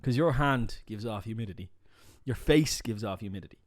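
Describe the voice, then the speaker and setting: A man with a Dublin Irish accent, co-hosting a podcast in casual chat, emphatic and animated, often tagging "right?". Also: on the low side, a little fast. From Ireland. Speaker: podcast co-host. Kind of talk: casual chat, telling jokes.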